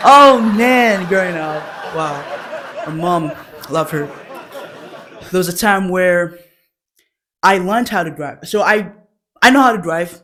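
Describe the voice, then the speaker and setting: A young woman hosting a comedy show, telling childhood stories with frequent giggles. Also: lowish voice. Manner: giggles often while telling stories, acts out quotes. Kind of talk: laughing personal storytelling.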